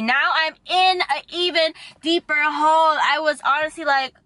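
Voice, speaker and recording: A woman's voice: sits high, normal speed, hardly any pauses, bright, forceful tone, no room sound. A young woman telling a personal story to camera in a candid, emotional, slangy way. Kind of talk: casual storytime monologue.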